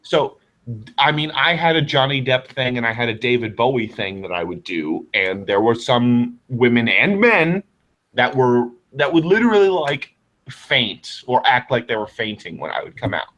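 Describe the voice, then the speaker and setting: Give me a man of average pitch hosting a casual conversation. He talks candidly and rambles from point to point. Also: sing-song, normal speed, fairly bright tone, poor audio. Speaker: host. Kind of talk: casual chat.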